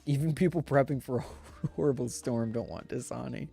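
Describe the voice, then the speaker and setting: A man's voice: mid-range voice, a little fast, vocal fry, mellow, husky, faint music behind. A man chatting casually on a live stream, rambling in a laid-back way and speaking straight to his viewers. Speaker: livestreamer.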